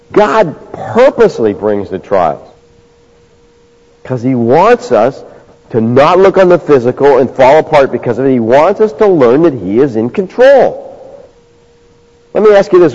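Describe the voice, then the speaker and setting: A man in a pastor's role preaches with a fairly high voice, talking to his listeners in a loose conversational way. He drops to quiet asides and then lifts into emphatic bursts. The recording sounds dull and lo-fi. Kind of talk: sermon.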